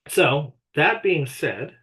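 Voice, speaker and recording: A man's voice: fairly high pitch, sharp tone. A male law lecturer talking in a loose, conversational way, often checking in with "right?" and acting out the voices in his examples. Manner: conversational, frequent "right?" and "you know", acts out quoted exchanges. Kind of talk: casual recorded lecture.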